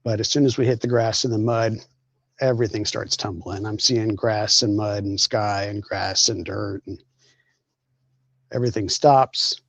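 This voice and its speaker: A man on a video call from a hospital bed, calmly recounting what happened in a matter-of-fact way. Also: lowish voice, measured pace, creaky, dry recording. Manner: steady, matter-of-fact retelling with small restarts. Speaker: guest, crash survivor. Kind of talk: casual storytelling on a live stream.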